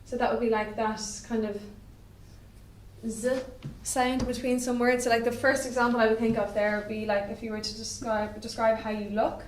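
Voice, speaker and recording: A woman's voice: a little high, level tone, fairly quick, hardly any pauses, slight background noise. Chatty woman teacher, echoey room. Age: 20s. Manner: chatty, full of "like" and "okay?". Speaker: French teacher. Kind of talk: classroom lecture.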